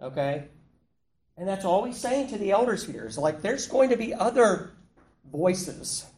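A man's voice: high voice, sing-song, unhurried, darkish tone. Man leading a Bible study in an echoey room. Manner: conversational, asks the group questions. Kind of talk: interactive Bible study teaching. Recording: echoey room with faint noise.

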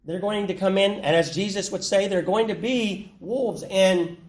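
A man's voice: high-pitched, normal speed. A man leading an interactive Bible study, teaching conversationally and putting questions to the group. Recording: echoey room with faint noise.

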